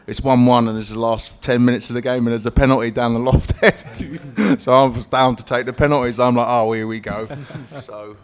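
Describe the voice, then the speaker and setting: A man's voice: medium pitch, fairly quick, hardly any pauses, clean tone. Man, a laughing former-footballer storyteller. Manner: animated, laughing through his story. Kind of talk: telling a story on stage. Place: live event with an audience.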